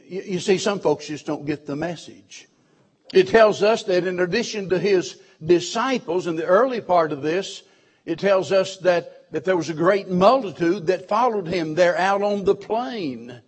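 A man preaching a sermon as pastor, slow and deliberate, drawing out words for emphasis. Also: high voice, breathy edge.

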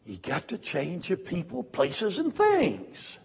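A middle-aged man preaching a sermon in a folksy storytelling way, swinging from loud exhortation to hushed confession. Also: high-pitched, huge pitch swings, slow, gravelly, slightly rough.

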